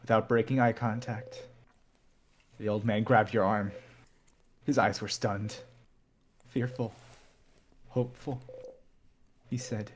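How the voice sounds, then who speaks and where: A man's voice: fairly low pitch, little pitch movement, slow, pauses often, a little hiss or hum. A man streaming a story game, reading its text aloud in a dramatic way that builds to urgent repetition.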